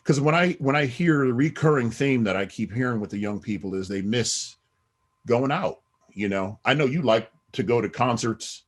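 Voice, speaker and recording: A man's voice: mid-range voice, normal speed. A middle-aged man, a podcast guest, talking in a rambling casual way with many "you know what I mean" asides. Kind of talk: casual interview talk.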